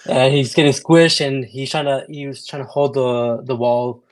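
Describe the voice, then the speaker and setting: Hesitant man chatting on a podcast. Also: medium pitch. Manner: hesitant, lots of fillers and restarts. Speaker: podcast co-host. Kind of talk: casual movie-review chat.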